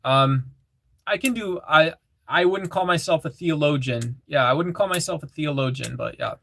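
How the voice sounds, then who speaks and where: A man's voice: a little high, normal speed, creaky, fairly bright tone. A man casually chatting on a livestream, reading chat messages aloud and repeating phrases, with lots of fillers.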